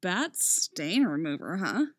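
A woman voicing a cocky, quick-talking teenage superhero boy in an audiobook reading, with a brash, teasing manner. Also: fairly low pitch, big pitch swings, slightly rough, no echo, clean studio sound, full character voice. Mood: wry. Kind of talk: audiobook character voice.

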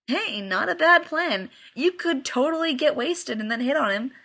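A woman's voice: high voice, moderate pace, voice pushed up. A woman reading aloud and voicing a cocky, crude young man who teases his friend. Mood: mocking. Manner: loud, mocking, swearing freely.

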